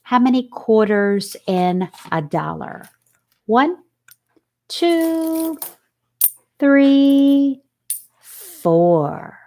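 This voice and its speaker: A woman teacher walks young children through a phonics lesson, sounding out each letter at an unhurried pace. Her voice rises and falls with lively, sing-song pitch as she asks questions and praises the answers.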